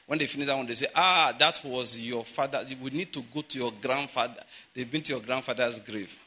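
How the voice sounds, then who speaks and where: A male pastor with a bright, ringing voice, preaching and telling his congregation a lively personal story. He keeps checking that they follow him and tosses them rhetorical questions. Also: mid-range voice, fast talker, breathy edge.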